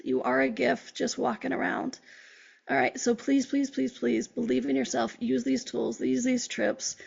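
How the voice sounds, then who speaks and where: Gravelly, husky woman giving a pep talk. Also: high voice, highs cut off. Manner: earnest, encouraging, quotes herself and clients in conversation. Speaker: podcast host and life coach. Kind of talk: motivational talk.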